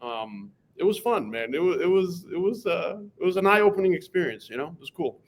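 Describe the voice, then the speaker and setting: A man tells stories from his school days as an interview guest. His voice sits a little high, and he talks in an animated, lively way. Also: fairly quick. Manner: animated, lively storyteller who acts out voices. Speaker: guest, math teacher. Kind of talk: anecdotal interview storytelling.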